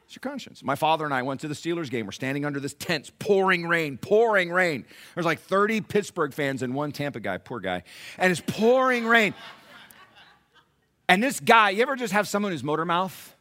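A man preaching a Sunday sermon with a bright, forceful edge to his voice and a slightly raised pitch. He fires off rhetorical questions and swings from loud emphasis to quiet, hushed asides. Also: expressive, normal speed. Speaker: pastor.

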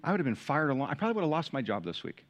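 A male pastor preaching a sermon to a large church, swinging from loud emphatic peaks to quiet, hushed lines. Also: fairly high pitch, big pitch swings, very fast, dull audio. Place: large church with balcony, live congregation.

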